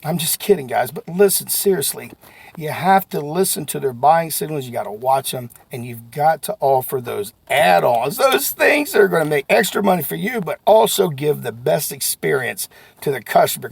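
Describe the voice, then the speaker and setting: Animated, gravelly-voiced man. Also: fairly high pitch, normal speed. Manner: folksy and animated, jumps to sudden shouts. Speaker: sales trainer. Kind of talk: motivational sales talk to camera.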